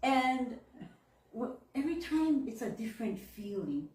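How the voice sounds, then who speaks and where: A woman's voice: fairly high pitch, big pitch swings, unhurried, a little mellow. A woman, giving a chatty, heartfelt sermon with frequent laughs and Japanese phrases. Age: 40s. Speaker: minister. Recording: echoey room, mic far off.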